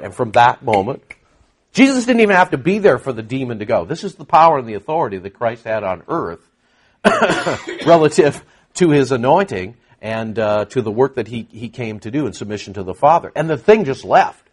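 A man's voice: mid-range voice, moderate pace, slightly rough. A man preaching an expository sermon, reading verses aloud and acting out the dialogue with frequent fillers. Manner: animated, acts out scripture dialogue, frequent fillers.

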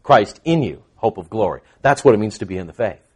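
A middle-aged man preaching a verse-by-verse sermon, moving between quiet explanation and loud, emphatic bursts. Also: fairly low pitch, expressive, a little fast, husky. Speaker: pastor. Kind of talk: expository sermon.

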